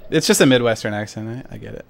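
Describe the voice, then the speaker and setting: A man's voice: on the low side, fast, gravelly. A man streaming a speedrun, mumbling asides between sudden frustrated outbursts at the game. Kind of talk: casual gaming commentary.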